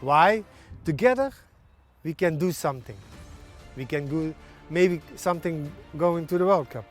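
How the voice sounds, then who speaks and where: Man speaking halting non-native English. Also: on the high side, soft background music. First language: not English. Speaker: national team head coach. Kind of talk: TV sports interview.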